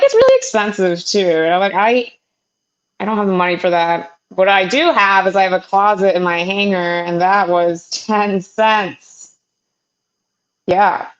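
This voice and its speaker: A young woman doing a stand-up comedy set, with a halting delivery full of fillers and restarts. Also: on the low side, fairly bright tone. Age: young adult. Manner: halting, filler-heavy delivery with self-deprecating jokes. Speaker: stand-up comic. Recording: muffled lo-fi sound.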